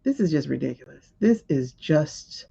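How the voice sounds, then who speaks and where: The recording is lo-fi, and the woman's deep voice carries vocal fry and a breathy edge at a moderate pace. Hosting a livestream, she reacts to a news clip casually and with exasperation, laughing, animated, and talking back at the screen.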